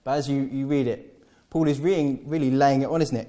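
A man's voice: mid-range voice, steady tone, brisk, mellow. A man preaching a sermon to a congregation, talking in a conversational way with playful asides and self-corrections. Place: church hall with congregation.

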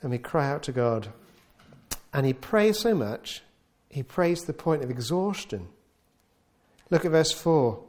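A man's voice: on the high side, expressive, measured pace, darkish tone. A man preaching a sermon, stressing key words by repeating them and voicing the psalmist's pleas in a raised, pleading tone. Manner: repeats key words for emphasis, occasional stumbles.

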